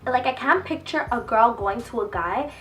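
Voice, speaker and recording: A woman's voice: a little high, normal speed, far from the mic, slight background noise. A young woman vlogging, telling stories casually with lots of profanity and acted-out quotes. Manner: animated, profane, acts out quoted voices. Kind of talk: casual storytelling to camera. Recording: voice a bit off-mic with faint music.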